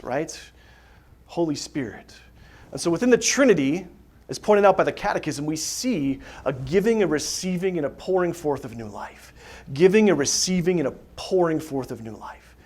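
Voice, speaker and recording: A man giving a casual faith talk to a group of parents, full of rhetorical questions and asides like "right?". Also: a little high. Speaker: catechist teaching parents. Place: parish hall dinner gathering.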